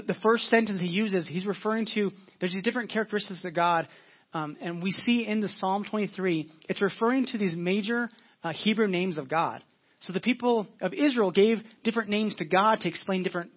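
A man preaching a sermon as pastor, earnest, repeating phrases for emphasis and slowing down when reading scripture. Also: high-pitched, husky, muffled recording.

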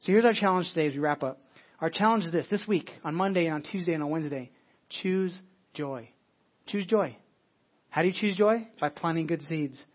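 Pastor, male, fairly high husky voice, muffled lo-fi church recording. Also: fast. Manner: preachy, repeats words and restarts often. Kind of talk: sermon. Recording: dull lo-fi sermon audio.

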